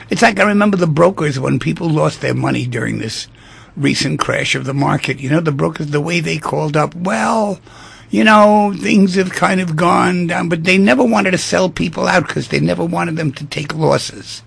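A man hosting a talk show, speaking emphatically and telling stories with animated energy. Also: on the high side, creaky, breathy edge. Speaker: radio talk show host.

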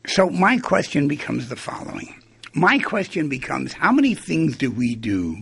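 Male talk host, very gravelly and raspy, dry close mic, reflective monologue. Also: mid-range voice, sing-song, a little slow, fairly bright tone, no room sound. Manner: musing, asks rhetorical questions, acts out quoted lines.

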